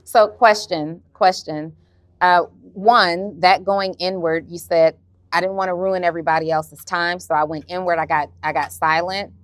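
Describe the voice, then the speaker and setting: A woman's voice: lowish voice, fairly even intonation, normal speed, dry recording. A woman on a podcast panel asking direct, teasing questions. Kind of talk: probing podcast discussion.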